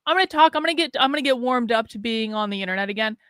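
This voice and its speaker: Woman host, candid livestream chat, higher-pitched, crisp. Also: racing, no echo, studio quality. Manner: candid, sad but steady, talks in restarts and repeats.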